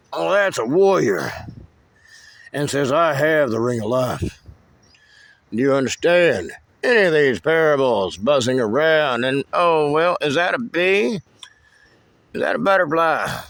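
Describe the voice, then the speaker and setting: A man's voice: on the high side, fairly bright tone, no room sound. A man giving a rambling, cryptic walking tour of his wooded land outdoors, swearing freely. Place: outdoors in woods.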